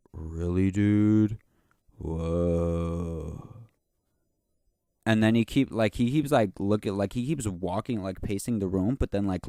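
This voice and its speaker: A man's voice: low voice, warm tone, no echo, studio quality. A young man hosting his own podcast, telling a story in a slangy, profane, boastful way that rambles and keeps circling back to "you know what I'm saying.". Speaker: podcast host. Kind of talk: casual solo podcast rant.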